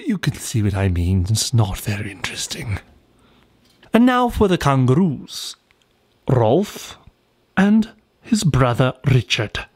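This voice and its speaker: A man's voice: mid-range voice, dry recording, clean studio sound. A man narrating a cartoon storybook in a playful, whimsical way.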